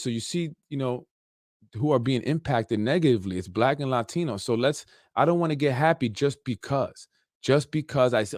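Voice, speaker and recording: A man's voice: medium pitch, a little mellow, no room sound, studio quality. A man hosting a political podcast, ranting in unscripted commentary with street slang, many fillers and repeated words.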